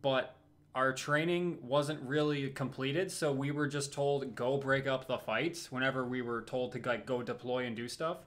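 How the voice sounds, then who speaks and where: A young man chatting on a livestream, telling anecdotes in a relaxed way with some hesitations. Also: mid-range voice, moderate pace. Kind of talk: casual livestream chat.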